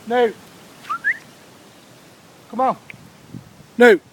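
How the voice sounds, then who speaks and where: A middle-aged man walking outdoors with his camera, calling and coaxing puppies in a sing-song voice, with low muttered asides between calls. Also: fairly even intonation, extremely slow. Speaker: dog breeder filming his litter. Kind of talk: casual home video narration. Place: outdoors, rural yard and road. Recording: loud outdoor noise on camera mic.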